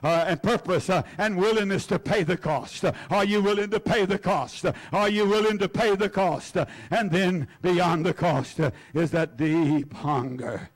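High-voiced fervent preacher man. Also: normal speed, hardly any pauses. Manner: fervent preaching, repeating words for emphasis; calls on the congregation by name. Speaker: pastor. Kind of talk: sermon.

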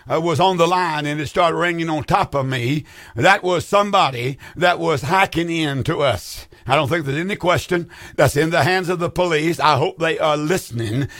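A man's voice: on the high side, normal speed, a bit bright, no room sound, studio quality. A male pastor, preaching fervently on a radio call-in program in a sing-song drawl, repeating his rhetorical questions.

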